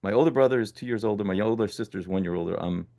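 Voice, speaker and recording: A man in his sixties, a podcast guest telling his story casually, animated and often correcting himself mid-sentence. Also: fairly low pitch, rapid-fire. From born in Italy, raised in the United States. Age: 60s.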